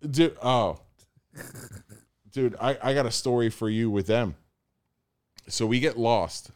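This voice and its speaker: A man's voice: medium pitch, takes it slowly, smooth. A young American man telling a story in casual chat, acting out the people he quotes. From United States.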